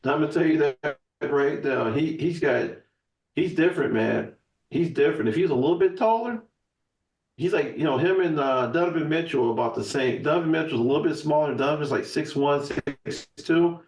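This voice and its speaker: A man chatting on a podcast, restarting sentences as he rambles on. His voice sits a bit high and comes from off the mic. The room around him rings with echo. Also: fairly quick, darkish tone. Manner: emphatic, profane, rambling with restarts. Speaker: podcast guest. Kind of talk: casual chat. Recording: echoey room, voice from far off the mic.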